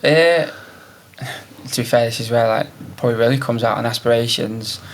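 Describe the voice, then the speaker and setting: A man's voice: medium pitch, moderate pace, slight background noise. A man in his thirties with a Manchester-tinged accent, a podcast guest chatting casually and rambling with plenty of fillers. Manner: easygoing, rambling with many fillers. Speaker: podcast guest, business owner.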